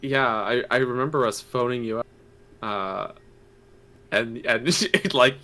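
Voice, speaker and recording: Man, podcast co-host, casual chat, bright tense tone, laughs a lot. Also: mid-range voice, a little slow. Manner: chatty, laughs often between phrases.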